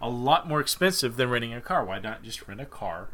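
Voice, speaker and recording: Male podcast co-host with a bright, forceful voice, rambling casual chat. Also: mid-range voice, lively intonation, brisk. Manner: loose and rambling, many fillers and restarts.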